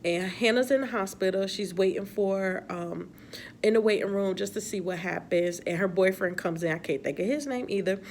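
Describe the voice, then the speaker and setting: A woman's voice: medium pitch, moderate pace, a little mellow, a little hiss or hum. A woman giving a casual, exasperated recap of a TV episode with laughing asides. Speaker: TV episode reviewer.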